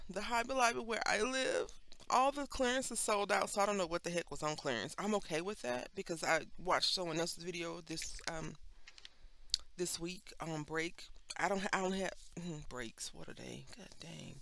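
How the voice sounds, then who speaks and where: A woman's voice: lowish voice, gravelly. A woman with a Texan accent chatting casually and rambling through a craft video, sometimes dropping into a whisper. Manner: chatty, rambling, animated asides. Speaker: craft vlogger. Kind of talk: casual chat while stamping.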